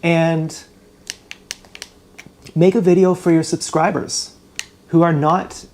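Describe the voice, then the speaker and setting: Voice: medium pitch, little pitch movement, takes it slowly, darkish tone, a little hiss or hum. A YouTuber venting in an emotional vlog, agitated, profane and rambling, fired up and upset, talking into a GoPro camera while streaming live indoors.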